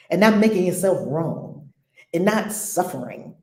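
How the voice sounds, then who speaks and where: A woman's voice: mid-range voice, lively intonation, slow pace, long pauses, warm tone, echoey room. A woman hosting a casual spiritual discussion, frank and slangy, often laughing. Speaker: spiritual teacher and host.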